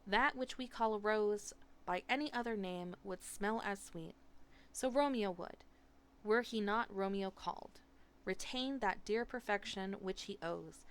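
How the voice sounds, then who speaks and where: A woman's voice: mid-range voice, measured pace, clear, resonant tone, natural voice. Dramatic middle-aged schoolteacher, read by a woman: grand, declaiming. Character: dramatic middle-aged female English teacher.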